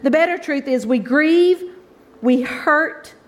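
Woman, 50s, pastor's wife, high bright voice, chatty emotional sermon delivery. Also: slow pace. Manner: emotional, conversational preaching, swings from loud exclaims to soft asides.

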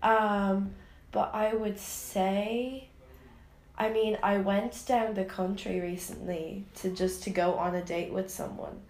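A woman's voice: medium pitch, fairly even intonation, slow pace, a little mellow. Young woman rambling, lots of likes n ums, echoey room. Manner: rambling, lots of fillers and exclamations. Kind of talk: casual chat. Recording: echoey room, faint noise.

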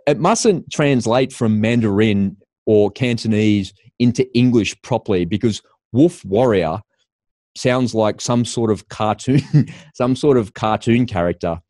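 A man's voice: fairly low pitch, unhurried, darkish tone, no echo, studio quality. A middle-aged Australian man giving a scornful opinion monologue, breaking into laughter at his own points.

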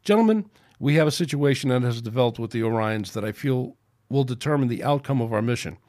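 A man reading a steady starship captain. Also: medium pitch, quick pace, close to an everyday voice. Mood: commanding. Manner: steady and commanding. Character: calm, decisive starship captain, male.

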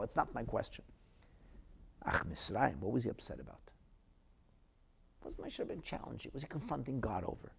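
A man teaching a Torah class as a rabbi, swinging dramatically between loud outbursts and hushed asides. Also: mid-range voice, huge pitch swings, a little fast, creaky, pauses often, a little hiss or hum.

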